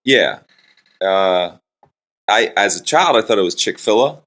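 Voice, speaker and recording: A man's voice: fairly low pitch, lively intonation, measured pace, fairly bright tone. A man in his forties from Florida, a Christian hip hop artist and pastor, chatting playfully and self-deprecatingly in an interview in a hotel room. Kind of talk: casual interview chat.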